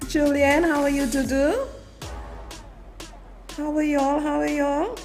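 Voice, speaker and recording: A woman hosts a live stream and greets her viewers one after another, calling them darling and baby. Her voice sits high and her delivery is slow and unhurried. Her drawn-out hellos are lively and affectionate, and faint music plays behind her. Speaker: host of a live online show.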